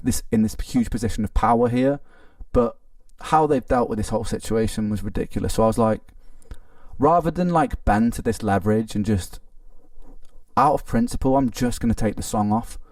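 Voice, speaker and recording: A man's voice: lowish voice, darkish tone, dry recording, clean studio sound, recorded from a distance. A man telling his story in a played clip, earnest, hurt and indignant, often restarting his sentences. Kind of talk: emotional personal account in a played clip.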